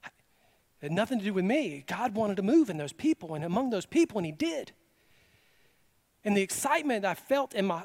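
A high-voiced man preaching a sermon to his congregation. He tells stories in a casual, animated way, acting out excited exclamations. His delivery swings between forceful, urgent preaching and quiet, conversational asides. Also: brisk. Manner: casual storytelling with quoted exclamations. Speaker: pastor.

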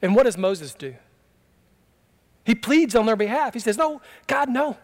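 High-voiced preaching man. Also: big pitch swings, normal speed, a little mellow. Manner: impassioned preaching, rising to emphatic cries then dropping low. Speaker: pastor. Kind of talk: sermon.

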